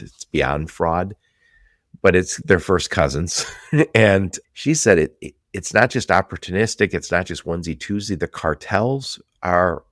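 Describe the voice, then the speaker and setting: A man with a very deep voice hosts a casual business podcast. He tells stories with energy and laughs easily. The sound is dry and close to the mic. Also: no room sound. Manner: animated storyteller, laughs often. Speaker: podcast host.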